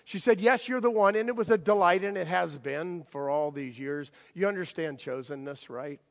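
Pastor with a slightly high voice, booming hall. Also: male voice, moderate pace, creaky. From United States. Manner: conversational, playful, asks the congregation questions. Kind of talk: sermon. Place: large church sanctuary. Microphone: handheld or stage mic. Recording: long hall reverb.

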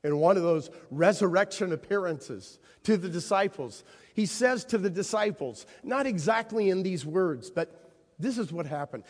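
A man's voice: sits high, lively intonation, moderate pace. A man preaching a sermon, telling stories dramatically and acting out the people he quotes. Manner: dramatic storytelling, voicing the figures he quotes. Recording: long reverb of a large hall.

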